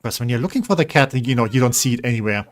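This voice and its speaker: Talking very fast with a lively, medium-pitched voice, a man streams a building game. He chats casually and rambles while coaxing his in-game pets along, giving relaxed gameplay commentary.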